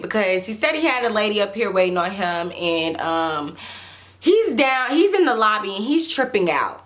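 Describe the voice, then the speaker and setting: Animated woman telling a story. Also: medium pitch, normal speed. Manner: animated, profane, talks straight to viewers. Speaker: storytime vlogger. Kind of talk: casual storytelling to viewers.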